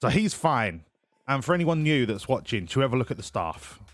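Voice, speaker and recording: A man's voice: medium pitch, big pitch swings, normal speed, dry recording, soft background music. A man casually commentating a game on a live stream, joking, swearing and laughing often. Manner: jokey, profane, laughs often.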